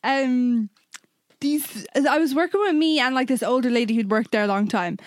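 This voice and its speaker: A woman's voice: sits high, moderate pace, no echo. A young woman co-hosting a podcast, telling chatty anecdotes in casual talk and laughing often. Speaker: podcast co-host. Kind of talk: casual chat.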